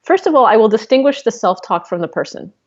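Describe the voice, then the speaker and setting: A woman's voice: a little high, big pitch swings, fast talker, a little mellow, highs cut off. A woman coach speaking as an interview guest, explaining her methods candidly and swearing casually.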